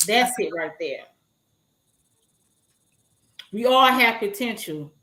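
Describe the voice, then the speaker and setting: A woman's voice: medium pitch, expressive, takes it slowly, bright, forceful tone. A woman co-hosting a casual chat, blunt and outspoken. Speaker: podcast co-host.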